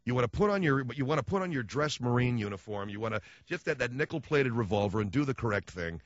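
A male radio talk host rants sarcastically through a comic monologue, his pitch swinging all over the place. The sound is dry and a bit dull, with no room around it. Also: animated, fast talker, no echo. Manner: ranting, sarcastic.

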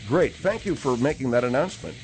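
A male radio talk show host who grows exasperated and bursts into yelling. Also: medium pitch, animated, fast talker, faint music behind.

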